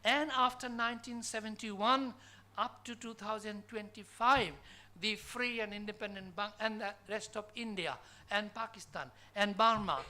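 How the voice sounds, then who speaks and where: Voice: mid-range voice, bright, forceful tone. A conference speaker from Bangladesh giving an academic lecture in a college hall, posing emphatic rhetorical questions to the audience.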